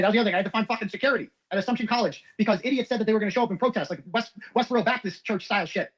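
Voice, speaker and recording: Husky-voiced man rattling off a profane, rambling personal story at high speed. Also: racing, poor audio. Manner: profane, rambling, emotional retelling.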